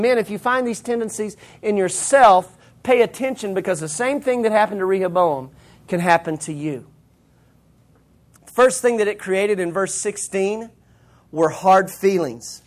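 A man preaching a sermon, retelling scripture in casual everyday slang. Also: high voice. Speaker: pastor.

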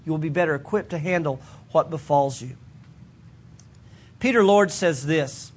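A man with a notably high voice teaches from the pulpit in a relaxed, conversational way. He is earnest and direct, and now and then he stumbles over a restart before pressing on. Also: normal speed, pauses often, breathy edge. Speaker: pastor. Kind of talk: sermon teaching to a congregation.

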